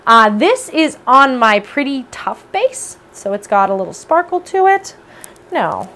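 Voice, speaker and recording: A woman's voice: fairly high pitch, big pitch swings, a little slow, fairly bright tone. A woman hosting a casual podcast from home, chatting in a rambling, self-deprecating way. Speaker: podcast host. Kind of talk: casual chat. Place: home basement room with space heater.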